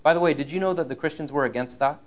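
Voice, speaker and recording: A man's voice: on the high side, very fast. A middle-aged man from Canada preaching a sermon in an earnest, urgent way, repeating his key phrases.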